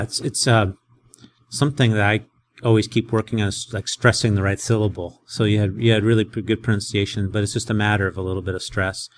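A man teaching a Greek lesson as a professor, explaining in a conversational, animated way. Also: lowish voice.

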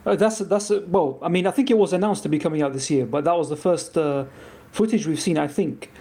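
Fast-talking man with a mellow voice. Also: fairly high pitch. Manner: hesitant, many fillers and restarts. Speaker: co-host of a gaming stream. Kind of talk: casual chat.

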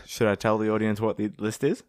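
A man's voice: lowish voice, no room sound, clean studio sound. A young man chatting casually on a podcast, teasing and giggling as he tells stories. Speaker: podcast co-host. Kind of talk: casual chat.

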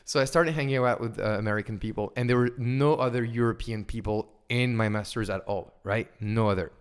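A man in his twenties with a French accent, a guest chatting casually in an interview, animated and full of fillers and restarts. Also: mid-range voice, brisk, clear, resonant tone. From France. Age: 20s. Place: indoors over wine.

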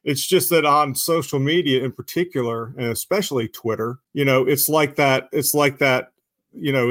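A man's voice: mid-range voice, a bit bright, no echo, studio quality. A man talking as a guest on a live-streamed discussion, rambling with lots of fillers and some swearing. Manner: rambling, heavy use of "you know" fillers, profane. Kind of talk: casual live-stream chat.

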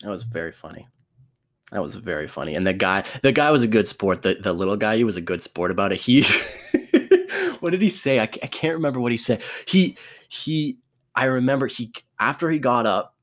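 A man's voice: lowish voice, big pitch swings, normal speed, a bit bright. A young man telling a sports story casually, laughing often, swearing and restarting his sentences.

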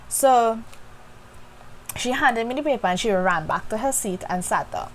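A woman's voice: fairly high pitch, animated, moderate pace, long pauses, a little hiss or hum, rough recording. A woman hosting a reflective faith podcast, talking candidly and directly to her listeners. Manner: candid, conversational, addresses listeners as y'all. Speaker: podcast host.

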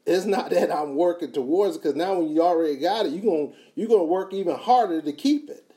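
A man giving a motivational talk, emphatic and repetitive, swinging from quiet to loud. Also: high voice, brisk. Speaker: motivational speaker.

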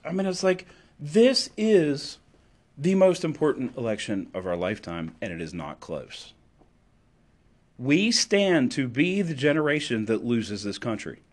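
A man delivering an impassioned political monologue, emphatic and sarcastic, swinging between loud declarations and low asides. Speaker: political commentator.

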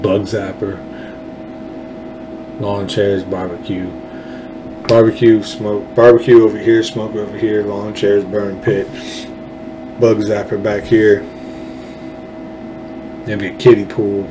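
A man's voice: lowish voice, flat delivery, takes it slowly, pauses often, background noise. A man hosting a political podcast, rambling and sarcastic, with many fillers and restarts.

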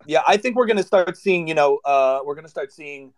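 A man in a casual chat, riffing quickly and cracking jokes. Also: fairly high pitch.

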